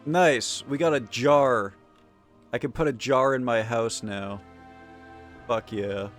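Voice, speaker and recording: A man streaming a game, chatting casually in an excitable, profane, rambling way. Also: medium pitch, slow, soft background music. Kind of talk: casual gaming commentary.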